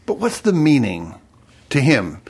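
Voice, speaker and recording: A male interviewer asking a novelist about his book in slow, expressive questions. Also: medium pitch, breathy edge.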